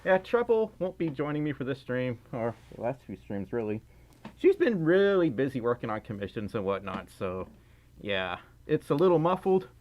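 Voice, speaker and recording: A man's voice: medium pitch, very animated, normal speed, darkish tone, highs cut off. A man hosting a casual livestream, rambling and self-deprecating while fiddling with his audio. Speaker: livestream host.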